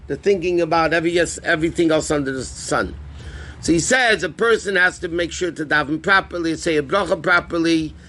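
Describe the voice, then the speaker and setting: A rabbi teaching a live class on Jewish law, explaining terms conversationally and asking the class questions. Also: male voice, on the high side, bright, forceful tone. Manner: answers student questions.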